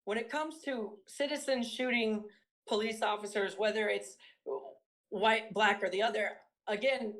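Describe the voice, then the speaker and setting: A woman's voice: medium pitch, steady tone, unhurried, fairly bright tone, poor audio. A woman debating as a guest, hesitating and restarting her sentences as she answers.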